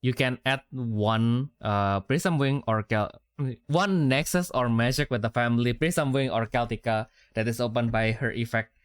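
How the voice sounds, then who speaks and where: A man co-hosting a casual gaming podcast, reading card effects out loud in a halting way, with many fillers and self-corrections. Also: medium pitch, clean tone, no room sound, studio quality. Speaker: podcast co-host.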